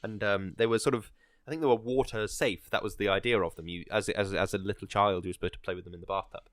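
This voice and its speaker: Man, low voice, rambling chat, lots of ums, dry close sound. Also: fairly even intonation, fast, dry recording. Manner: rambling, hesitant, many fillers. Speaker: podcast co-host. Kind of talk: casual chat.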